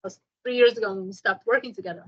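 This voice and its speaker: A woman's voice: medium pitch, fairly even intonation, very fast, muffled recording. A woman teaching Spanish on a video call, encouraging her student and correcting his pronunciation by repeating words back to him. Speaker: Spanish tutor. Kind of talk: online one-on-one lesson.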